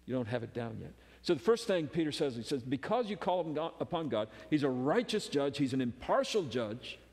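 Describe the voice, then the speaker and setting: A man preaching a sermon as pastor, emphatic, moving between loud urgency and hushed intensity. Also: mid-range voice, big pitch swings, normal speed, long reverb tail.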